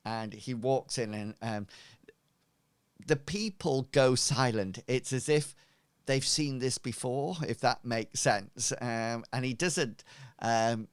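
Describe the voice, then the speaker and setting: Relaxed, halting game master. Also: male voice, mid-range voice, clear, resonant tone, no echo. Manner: casual, halting, many fillers. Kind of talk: narrating a tabletop game online.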